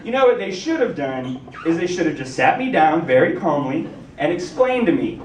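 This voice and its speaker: Man, stand-up comedian, animated storytelling, echoey comedy club, distant mic, faint noise. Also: a little high, moderate pace, few pauses. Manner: animated storytelling, acts out characters. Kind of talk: stand-up set.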